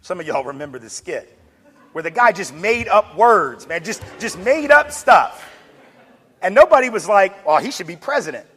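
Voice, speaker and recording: Energetic lecturing man in echoing hall. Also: high-pitched, normal speed, breathy edge. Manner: energetic, joking asides. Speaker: speaker on diversity. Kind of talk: public lecture. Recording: long hall reverb.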